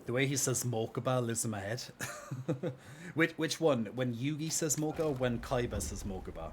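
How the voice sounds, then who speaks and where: A man live-streaming a game, chatting casually and rambling excitedly with lots of fillers and laughter. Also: mid-range voice, normal speed, a little hiss or hum. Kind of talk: casual live-stream chat while gaming.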